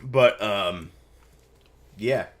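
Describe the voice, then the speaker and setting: A man's voice: fairly low pitch, drawn-out words. A man chatting casually on a live stream, loose and rambling with lots of fillers.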